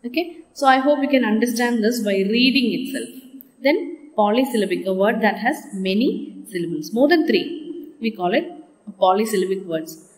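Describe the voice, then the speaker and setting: Higher-pitched woman teaching, echoey room. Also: expressive. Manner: patient, repeats words slowly, checks with "okay?". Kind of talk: classroom lecture on phonetics. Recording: echoey room with long reverb.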